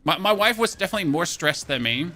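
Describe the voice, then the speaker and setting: A man's voice: fairly high pitch, animated, fast, pushed and bright. A man from Germany chatting casually while streaming a game, rambling and often repeating words as he thanks subscribers. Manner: reads out and thanks chat subscribers. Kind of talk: casual live-stream chat while gaming.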